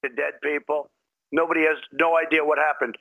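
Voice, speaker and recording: A man's voice: a little high, flat delivery, fairly quick, creaky, phone-quality sound. An older man, a politician in a TV interview, answering in a rambling, repetitive and emphatic way.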